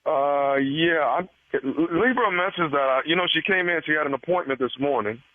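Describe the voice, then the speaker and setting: A man's voice: a little high, normal speed, no room sound, close to an everyday voice. Man playing a stammering creepy doctor on the phone. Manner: hesitant, stammering, creepy insinuating. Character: smarmy male gynecologist prank caller. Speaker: radio prank caller. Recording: tinny phone line.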